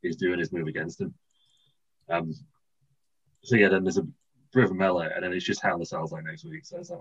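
A man co-hosting a casual podcast, rambling and laughing through a silly story pitch. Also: a little fast, long pauses, a bit bright, slightly rough, lo-fi sound. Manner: rambling, laughing, restarts, puts on silly voices in quotes. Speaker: podcast co-host. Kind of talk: casual comedic chat, pitching a wrestling storyline.

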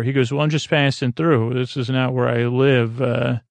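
A man recapping a TV episode in a halting, rambling way, full of fillers and restarts, speaking softly. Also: medium pitch, flat delivery, creaky, dry recording. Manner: halting, many fillers and restarts, paraphrasing dialogue. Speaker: podcast host.

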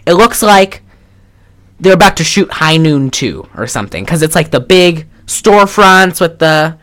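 A woman's voice: low-pitched, lively intonation, moderate pace, fairly bright tone. A woman co-hosting a podcast, reviewing a movie in casual, rambling chat and swearing offhand. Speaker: podcast co-host.

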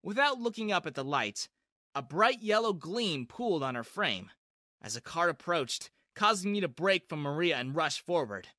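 A man reading a first-person story in a lively, expressive way. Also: on the high side, moderate pace, no room sound, studio quality.

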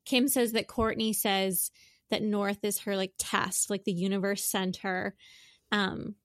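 Woman, 30s, casual podcast co-host; talkative, filler-heavy delivery, mid pitch, dry close-miked sound. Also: level tone, unhurried, no echo. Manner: chatty, lots of filler words. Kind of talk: casual chat.

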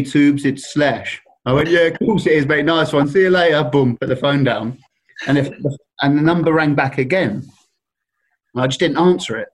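A man telling a rambling, self-deprecating story in casual chat, laughing often. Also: medium pitch. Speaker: guest telling stories.

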